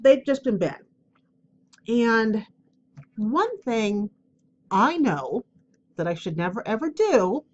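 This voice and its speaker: A woman's voice: medium pitch, dull audio. A woman hosting her own spiritual advice podcast, talking candidly and rambling with fillers, with a cough drop in her mouth. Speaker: podcast host. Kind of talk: casual solo podcast talk.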